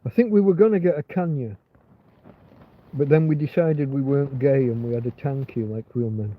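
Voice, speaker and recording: A man's voice: mid-range voice, normal speed. A man hosting a rambling, casual livestream chat, meandering with many restarts and fillers. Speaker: livestream host. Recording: tinny phone-like sound.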